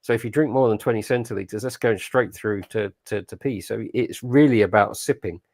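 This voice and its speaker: A man's voice: lowish voice, fairly quick, gravelly, no room sound, studio quality. A man co-hosting a casual podcast chat, talking bluntly and acting out what other people said. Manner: blunt and animated, acting out quoted voices. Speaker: podcast co-host.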